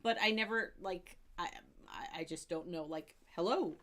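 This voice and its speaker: A woman's voice: on the low side, moderate pace, bright, forceful tone, a little hiss or hum. A woman co-hosting a casual livestream, giggling, repeating phrases and reading chat messages aloud. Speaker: co-host.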